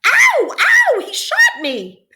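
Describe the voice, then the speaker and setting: A woman voicing a possessive, hot-tempered boy who yells and bosses. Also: sing-song, a little slow, noisy background. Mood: yelping. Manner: shrill yelling, bossy.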